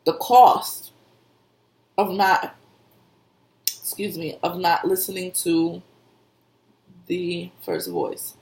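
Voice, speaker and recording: A woman's voice: lowish voice, very animated, extremely slow, pauses often, a little mellow. A woman who works as an intuitive reader and medium, giving casual spiritual advice in a conversational way, repeating herself and laughing often. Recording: echoey room.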